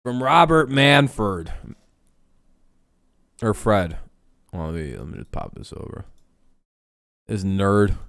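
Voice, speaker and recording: A man's voice: fairly low pitch, very animated, slow pace, vocal fry, long pauses, a bit bright, no room sound, studio quality. A man hosting a casual sports talk stream, blunt, profane and rambling. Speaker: host.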